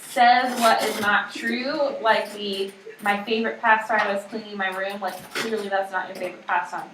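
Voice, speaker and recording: A woman's voice: mid-range voice, a bit bright. Chatty woman teaching a class. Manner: casual, chatty explaining with many "like"s. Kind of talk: classroom lecture. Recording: echoey room, distant mic, noisy.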